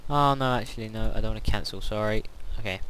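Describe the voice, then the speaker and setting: Sleepy guy rambling through a game, lots of ums, lowish voice, noisy home mic. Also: quick pace, fairly bright tone. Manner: rambling and hesitant, many fillers. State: sleepy, yawning. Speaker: gameplay commentator. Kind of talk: casual gameplay commentary.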